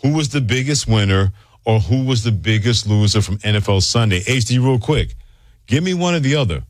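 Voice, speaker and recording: A lower-voiced male radio host with a relaxed, easy delivery and a quick laugh. His voice sounds dry and close, with no room sound around it. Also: dry recording. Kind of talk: sports talk radio.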